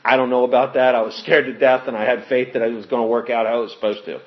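A man telling his personal recovery story to an audience, earnest and animated when quoting others. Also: medium pitch, quick pace. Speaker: recovery speaker. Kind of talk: personal testimony talk. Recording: muffled lo-fi recording.

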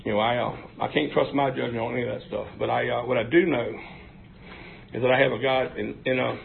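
A man's voice: mid-range voice, fairly even intonation, fast, vocal fry. A man giving a frank, folksy recovery testimony, full of fillers. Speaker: speaker sharing at a recovery meeting. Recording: tinny phone-like recording, faint hiss.

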